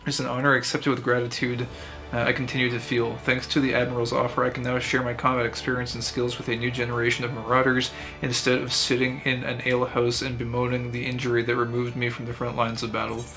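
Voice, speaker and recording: A man's voice: mid-range voice, monotone, fast, natural voice. A man reading the lines of a stern, battle-scarred male axe guild master in a grandiose, formal manner, over faint game music. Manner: grandiose, formal read-aloud delivery.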